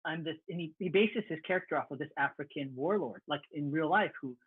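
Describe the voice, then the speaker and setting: A husky, quick-talking man spins excited gaming stories, tripping over his words as he rushes ahead. His voice comes through a thin, phone-like line with a dry, close sound. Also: on the high side, dry recording. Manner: fast animated storyteller, stammering restarts. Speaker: podcast co-host. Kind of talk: casual chat.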